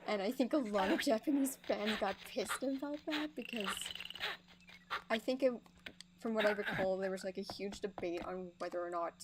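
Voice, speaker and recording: A woman's voice: mid-range voice, moderate pace, noisy background. A young woman streaming a game, chatting casually and rambling with many fillers and giggles. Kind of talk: casual gaming stream chat. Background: loud game music.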